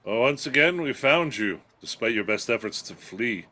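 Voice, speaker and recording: A man's voice: mid-range voice, expressive, normal speed, bright, forceful tone, slight background noise. A man playing a tabletop game who makes dry jokes about his character's actions. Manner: dry joking. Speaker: player.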